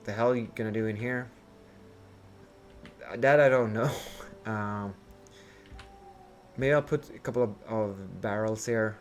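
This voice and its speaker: A man streaming a building game thinks aloud in casual gameplay commentary, rambling and second-guessing himself. His voice is on the low side and unhurried, with long pauses and faint music in the background.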